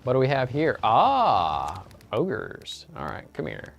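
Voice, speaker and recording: A man giving relaxed, joking commentary while playing a video game, with frequent "uh"s. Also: mid-range voice, slow pace, background noise. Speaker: let's play host. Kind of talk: casual gameplay commentary. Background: game music.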